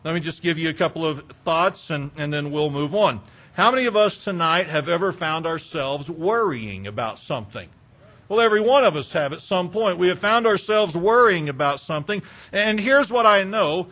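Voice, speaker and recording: A man's voice: on the high side, animated, normal speed, fairly bright tone. Man preaching a conversational sermon. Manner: conversational preaching, acts out quoted exchanges. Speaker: pastor.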